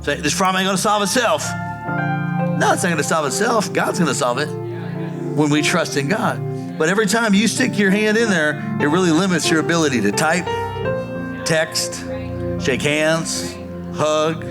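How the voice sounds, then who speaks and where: A man's voice: on the high side, normal speed, loud music behind the voice. A man preaching a sermon as pastor, acting out quoted voices and calling on the congregation to respond. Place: church sanctuary before a congregation.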